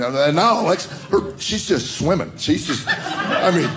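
A man's voice: fairly high pitch, expressive, quick pace. A man from rural Tennessee, telling folksy stand-up stories and acting out voices. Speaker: stand-up comedian. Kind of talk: stand-up storytelling.

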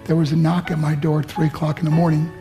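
Middle-aged man, motivational speaker, heartfelt confessional storytelling, soft music behind. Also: a little high, level tone. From United States. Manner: earnest, pleading storytelling with vivid pauses. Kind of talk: emotional personal storytelling speech. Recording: faint music underneath. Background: soft background music.

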